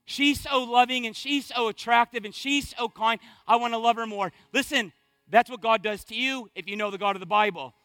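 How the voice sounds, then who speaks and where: A man's voice: very high-pitched, a little fast, bright, forceful tone, clean tone, dry recording. A middle-aged male pastor preaching a sermon with rising fervor and rhetorical questions.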